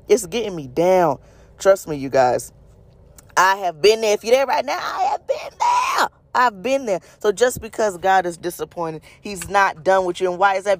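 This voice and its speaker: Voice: mid-range voice, dry recording. A preacher giving an impassioned devotional message, repeating phrases for emphasis and speaking straight to the listeners. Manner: calls out to the audience with "y'all" and "you guys".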